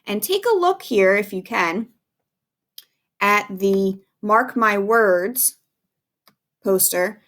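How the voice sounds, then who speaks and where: A woman teacher leads a recorded phonics lesson for small children, taking her time over every word. She is patient and encouraging and spells words out one letter at a time. Her voice sits at an ordinary middle pitch. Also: lively intonation, slow pace, long pauses, fairly bright tone.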